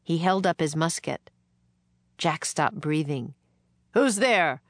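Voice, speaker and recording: A woman reads a children's storybook aloud at an unhurried pace. Her voice sits low, and the recording is close and dry with no room around it. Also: dry recording. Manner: slow, gentle read-aloud pacing. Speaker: narrator. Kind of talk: storybook reading.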